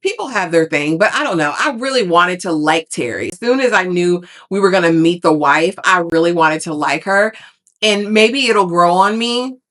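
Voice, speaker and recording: Woman vlogger, lowish voice, sassy and animated casual recap commentary. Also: normal speed. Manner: sassy, animated, calls listeners honey and baby.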